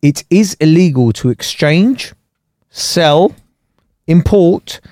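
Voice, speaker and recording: A man's voice: a little high, expressive, takes it slowly, darkish tone, no room sound, studio quality. A man co-hosting a podcast in casual, rambling, jokey chat with many restarts. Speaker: podcast co-host.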